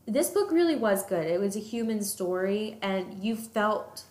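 A woman's voice: mid-range voice, lively intonation, unhurried, darkish tone. A woman co-hosting a podcast, chatting casually about a book, chiming in with agreement and short corrections. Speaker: podcast co-host. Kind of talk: casual book-club chat. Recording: echoey room.

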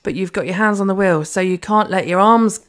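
A woman's voice: medium pitch, brisk. A young woman co-hosting a podcast in casual chat, blunt, dry and sweary. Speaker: podcast co-host.

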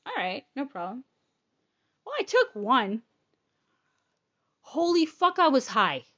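A woman's voice: high-pitched, very animated, slow pace, a bit bright, muffled recording. A woman casually telling a personal story, frank and rambling, swearing freely. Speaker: storyteller sharing personal illness experience.

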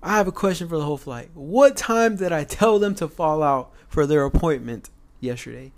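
A man's voice: a little high, lively intonation, moderate pace. A young man voicing a stern, intimidating male drill instructor who interrogates trainees sarcastically. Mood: sarcastic.

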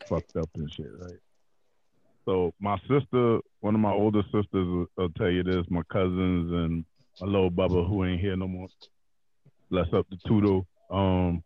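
A man's voice: low-pitched, dry recording, lo-fi sound. A man casually telling a long, profane, slang-filled story on a podcast.

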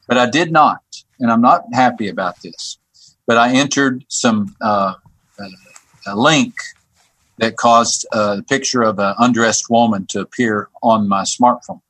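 A man who works on a church staff tells a personal story as a guest. He talks haltingly, repeating words and restarting his sentences. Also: medium pitch, fairly bright tone, no room sound. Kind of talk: telling a personal story on a podcast.

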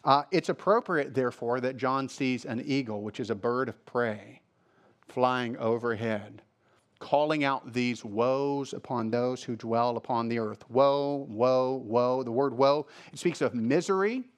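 A man's voice: medium pitch, a little slow. A male pastor preaching a sermon, reading scripture aloud and explaining it, repeating phrases for emphasis.

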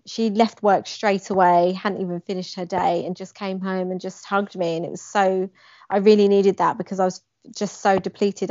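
A young woman tells a personal story, bringing scenes to life as she describes them. Her voice sits at an average pitch. The recording is dry and slightly muffled. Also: dry recording. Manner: animated, acts out quoted lines with emphasis. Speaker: guest. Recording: dry, slightly dull lo-fi sound.

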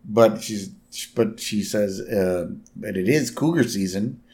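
A man's voice: fairly low pitch, takes it slowly, darkish tone. A man co-hosting a podcast, recapping a cartoon episode in a wry, casual way. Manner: wry, addresses listeners as kids. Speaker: podcast co-host.

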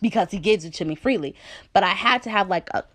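A woman giving a personal devotional talk, candid and conversational, with playful asides and slow, deliberate scripture reading. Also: mid-range voice, a bit bright. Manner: reads scripture slowly and deliberately. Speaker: speaker sharing a faith testimony.

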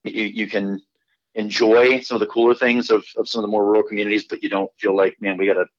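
Low-voiced man, relaxed and rambling. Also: fast, dry recording. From Iowa. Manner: relaxed, rambling, many fillers. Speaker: pastor, podcast guest. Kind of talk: casual podcast interview. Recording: dull, lo-fi remote audio.

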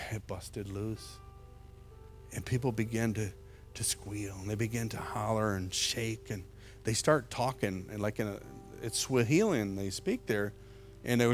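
A middle-aged man preaching a sermon as an evangelist, telling a story with lots of repeated words, jumping from loud to hushed. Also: fairly low pitch. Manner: repeats words and restarts often.

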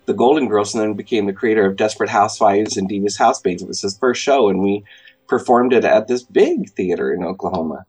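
A man's voice: lowish voice, quick pace, darkish tone, breathy edge, faint music behind. A man hosting a casual chat and teasing his guest with dry, comic jokes. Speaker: host.

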